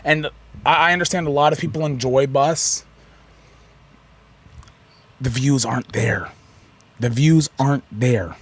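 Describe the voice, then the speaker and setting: A drunk man co-hosting a livestream, ranting loudly and swearing. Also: medium pitch, a little slow, long pauses. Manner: loud, profane ranting. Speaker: co-host of a livestream show. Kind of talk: casual livestream chat.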